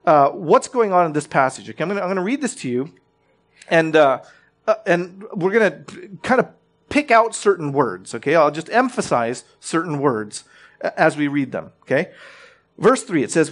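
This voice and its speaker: High-voiced conversational male preacher. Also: sing-song, normal speed. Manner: conversational teaching, frequent "right?" check-ins and restarts. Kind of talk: sermon.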